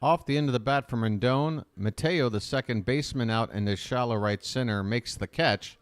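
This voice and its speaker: A man calling live baseball play-by-play as a fan commentator, chatty and opinionated between pitches. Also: normal speed, clear, resonant tone, no room sound.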